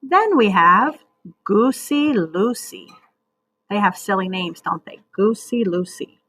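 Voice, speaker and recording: A woman teacher leading a recorded reading lesson for young children, speaking slowly and patiently and sounding out words. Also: medium pitch, big pitch swings, sharp tone, rough recording.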